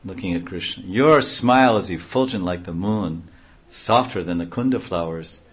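A man's voice: low voice, moderate pace, breathy edge. A man giving a devotional reading aloud, breaking off into offhand comments and explanations. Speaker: reader and speaker.

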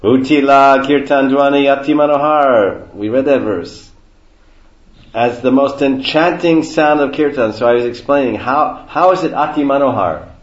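A man's voice: mid-range voice, moderate pace. A man giving a devotional lecture, explaining verses and repeating key phrases. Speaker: spiritual teacher. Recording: roomy, dull lo-fi recording.

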